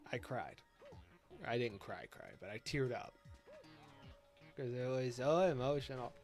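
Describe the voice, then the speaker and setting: A young man streaming a game, chatting casually and gushing with excitement and emotion. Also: medium pitch, unhurried, faint music behind.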